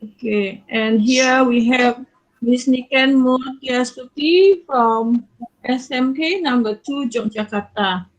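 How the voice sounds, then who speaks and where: A woman's voice: high voice, slow pace, poor audio. A woman with an Indonesian accent, a teacher moderating an online student competition in English.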